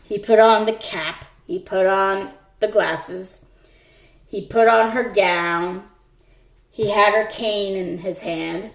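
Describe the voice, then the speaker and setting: A woman tells a story in a playful, unhurried way, taking her time over every line. Her voice rings around an echoey room. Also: mid-range voice, fairly even intonation. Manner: slow, playful narration. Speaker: storyteller and channel host. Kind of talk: casual storytelling.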